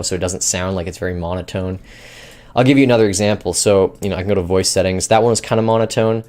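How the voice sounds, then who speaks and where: A man's voice: low voice, a little mellow. A man hosting a finance news show, talking in loose, rambling casual commentary with many fillers.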